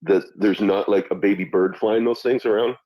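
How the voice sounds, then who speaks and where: Husky man on dull lo-fi audio. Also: fairly low pitch, steady tone, moderate pace. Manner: profane, mock-baffled joking. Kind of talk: casual group chat.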